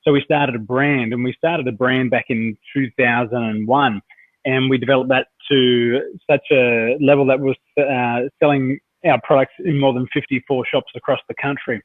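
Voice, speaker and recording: An Australian coach being interviewed tells anecdotes in a rambling way, with frequent fillers and restarts. He has a steady, mid-range voice at a moderate pace. The recording is dry and tinny, resembling phone audio.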